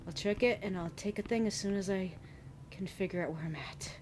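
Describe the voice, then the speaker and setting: A woman's voice: mid-range voice, fairly quick, noisy background. A woman streaming a game, jittery and nervous, often laughing through her fright. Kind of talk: gaming stream chat.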